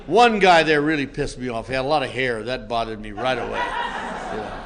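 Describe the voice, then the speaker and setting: An older man telling a self-mocking story to a meeting audience in a wry, comic way that builds into shouting. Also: mid-range voice, moderate pace, vocal fry, noisy background. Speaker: recovery meeting speaker.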